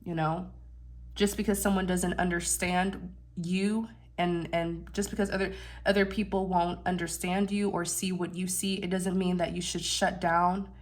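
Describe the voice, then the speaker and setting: A woman with a nasal, congested voice giving a channeled tarot reading, gentle and reassuring with many fillers and restarts. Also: lowish voice, flat delivery, moderate pace. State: unwell, congested. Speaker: tarot reader.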